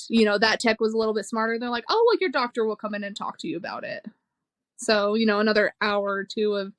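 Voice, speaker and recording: A woman's voice: a little high, no echo. A young woman, a podcast guest, telling a personal story in a frank, emotional way, swearing freely and laughing between hard moments. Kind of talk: candid conversational storytelling.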